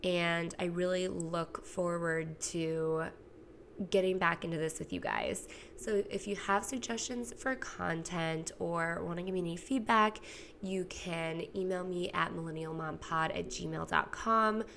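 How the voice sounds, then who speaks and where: Chatty gravelly-voiced woman podcast host. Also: fairly low pitch, measured pace, a bit bright, a little hiss or hum. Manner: chatty, candid, swears freely, acts out quotes. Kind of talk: casual solo podcast monologue. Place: home, recorded alone.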